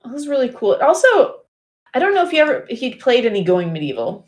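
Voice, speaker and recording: A woman's voice: on the high side, huge pitch swings, quick pace. A woman from the States, co-hosting a casual gaming podcast, curious and checking details. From Southern United States. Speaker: podcast co-host.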